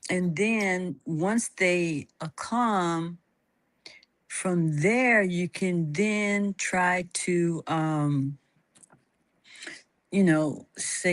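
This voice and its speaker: A woman hosting a casual talk, speaking calmly with many fillers and restarts and frequent laughs. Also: on the low side, extremely slow, dry recording. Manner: laughs often. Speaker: host. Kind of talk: casual chat about teaching.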